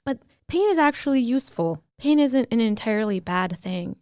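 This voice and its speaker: A woman co-hosting a podcast, chatting casually and thinking out loud with lots of "like"s. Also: on the high side, animated, moderate pace, smooth, no echo, clean studio sound. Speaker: podcast co-host. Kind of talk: casual chat.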